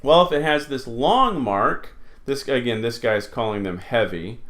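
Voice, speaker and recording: A man teaching an online Latin lesson, explaining slowly and patiently with many fillers. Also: medium pitch, expressive, a bit bright.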